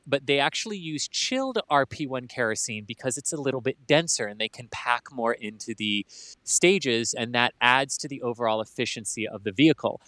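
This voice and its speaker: A man's voice: mid-range voice, fairly bright tone, dry recording. A man giving methodical, explanatory technical commentary on a rocket launch.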